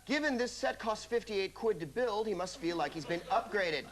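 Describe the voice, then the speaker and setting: A man's voice: high voice, animated, normal speed. A man hosting a comedy quiz show, delivering wry, scripted patter. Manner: wry, arch. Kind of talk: scripted comic host patter. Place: television studio. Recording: loud studio audience and noise.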